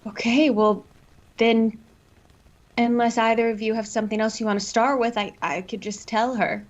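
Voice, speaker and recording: A woman's voice: on the high side, fairly even intonation, moderate pace. A woman playing a tabletop game, talking in a chatty, hesitant way that keeps breaking off. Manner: chatty, hesitant, self-interrupting. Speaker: player. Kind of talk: in-character tabletop play. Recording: lo-fi call audio.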